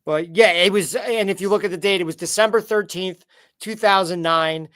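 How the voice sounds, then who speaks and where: A man's voice: sits high, normal speed, fairly bright tone, no room sound. A man co-hosting a wrestling recap podcast, chatting casually and rambling with frequent restarts. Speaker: podcast co-host.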